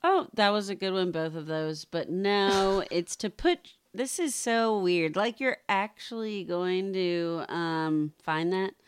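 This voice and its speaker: A woman's voice: mid-range voice, slow, few pauses, clean tone, no echo. A woman co-hosting a casual podcast, running trivia questions and laughing often between remarks. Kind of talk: casual chat.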